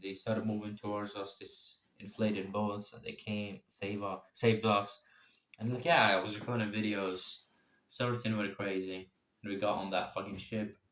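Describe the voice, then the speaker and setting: A young man telling his own story casually, swearing freely and jumping in pitch and loudness. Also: moderate pace. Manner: profane, animated, sudden swings in pitch and loudness. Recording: echoey room.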